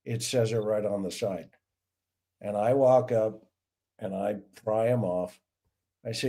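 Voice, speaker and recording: A middle-aged man, a retired police officer turned podcast host, tells stories from his years on the force during a casual livestream. His voice is mid-range and he speaks slowly, pausing often. He brings the anecdotes to life by acting out the voices of the people in them.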